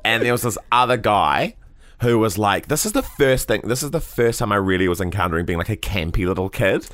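Man, deep voice, very lively pitch, casual podcast chat, acts out quotes, dry close mic. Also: fairly quick, no echo. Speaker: podcast co-host.

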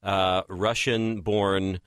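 A man's voice: deep voice, level tone, extremely slow, a bit bright, clear, resonant tone, dry recording, clean studio sound. A man from Texas who hosts a talk show, chatting casually, rambling and chuckling through his questions. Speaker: podcast host. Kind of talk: casual interview chat.

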